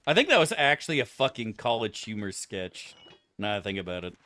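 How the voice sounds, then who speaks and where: A man's voice: on the low side, very animated, brisk, bright, forceful tone, no room sound. A young man streaming a game, chatting casually to his viewers in a profane, ranting, mock-outraged way. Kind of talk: casual live-stream chat.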